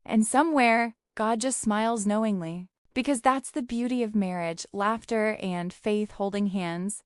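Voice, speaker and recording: A woman's voice: medium pitch, unhurried, few pauses, clean tone, no room sound, studio quality. A woman giving a playful, teasing scripted narration of a humorous story.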